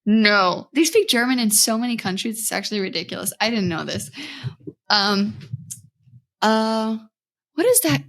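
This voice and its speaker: A woman's voice: medium pitch, normal speed, a bit bright. An American woman hosting a trade podcast in casual chat, chatty and laughing often, sometimes losing her thread mid-story. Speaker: podcast host.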